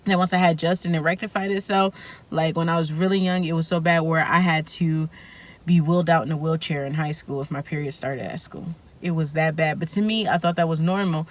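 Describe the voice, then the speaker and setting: A woman's voice: sits low, fairly even intonation, fairly quick. A woman chatting straight to her viewers in a casual vlog. She talks openly and loosely, rambling a little and correcting herself mid-sentence. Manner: candid, rambling, self-correcting. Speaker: vlogger. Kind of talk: casual vlog chat to camera.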